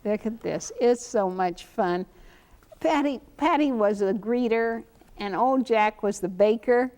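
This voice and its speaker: A woman hosting a TV interview, relaxed and encouraging her guest. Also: fairly high pitch, takes it slowly. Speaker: host.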